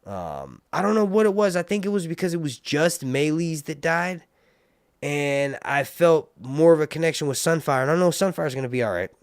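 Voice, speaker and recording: A man hosts a casual live stream reviewing a TV series, rambling and cracking jokes as he reads viewer comments. His voice is a little high, with lively intonation and a moderate pace. The dry recording is studio quality.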